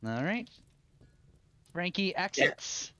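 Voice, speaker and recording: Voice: mid-range voice, very animated, takes it slowly, a bit bright, no echo. A game master narrating a tabletop game, describing scenes loosely and working around small restarts. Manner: narrates with many fillers and restarts.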